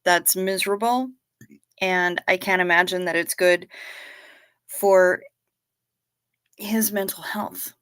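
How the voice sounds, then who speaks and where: A woman hosting a casual livestream, reading viewer comments in a gentle, sympathetic way. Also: on the low side, steady tone, clean tone. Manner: slow, gentle and sympathetic, talking to chat. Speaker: livestream host.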